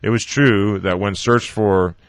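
A man reading a novel aloud, haltingly, often stumbling over words and correcting himself. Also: on the low side, steady tone, no echo. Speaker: reader.

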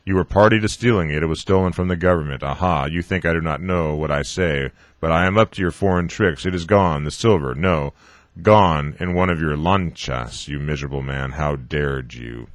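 A man's voice: a bass voice, normal speed, no room sound. A man reading aloud as a blustering, threatening colonel who accuses a prisoner of theft. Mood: accusing. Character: angry, blustering male colonel interrogating a prisoner.

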